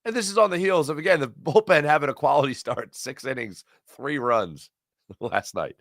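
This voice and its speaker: A man's voice: fairly high pitch, expressive, moderate pace, a bit bright, no echo, studio quality. A middle-aged man hosting a casual sports talk livestream, energetically reading chat messages aloud and reacting to them. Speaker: sports talk show host.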